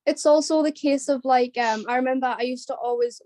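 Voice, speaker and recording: A woman's voice: high-pitched, steady tone, brisk, warm tone, no room sound. A young British woman chatting casually, with lots of filler "likes". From United Kingdom. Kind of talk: casual group chat.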